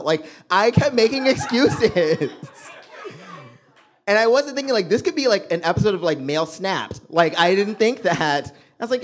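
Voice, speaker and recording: A young man telling a stand-up story on a club stage, swinging between loud punchlines and muttered asides. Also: high-pitched, animated, moderate pace. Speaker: stand-up comedian.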